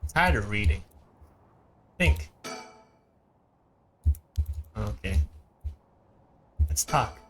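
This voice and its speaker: A man's voice: fairly low pitch, lively intonation, very slow, long pauses, a bit bright, faint music behind. A man streaming a game, reading its dialogue aloud and breaking off into joking asides. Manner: reads lines plainly, breaks off into joking asides.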